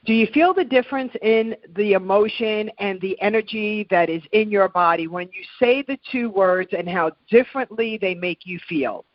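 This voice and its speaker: A woman's voice: medium pitch, moderate pace, few pauses, dry recording, highs cut off. Earnest middle-aged woman coaching. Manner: earnest, coaching, repeats phrases for emphasis. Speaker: podcast guest, happiness coach. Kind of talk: motivational interview talk.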